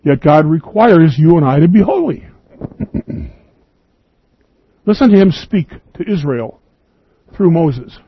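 A man's voice: fairly high pitch, big pitch swings, takes it slowly, pauses often, slightly rough, lo-fi sound. A man preaching an earnest, emphatic radio sermon, reading scripture and quoting at length.

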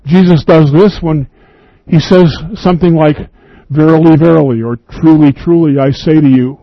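A man's voice: on the high side, normal speed, dry recording, lo-fi sound. A man preaching an earnest, emphatic radio sermon, reading scripture and quoting at length.

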